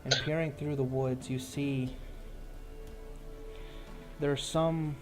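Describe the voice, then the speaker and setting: A young man narrating a tabletop game as dungeon master, halting and searching for words with frequent fillers. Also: mid-range voice, steady tone, music in the background.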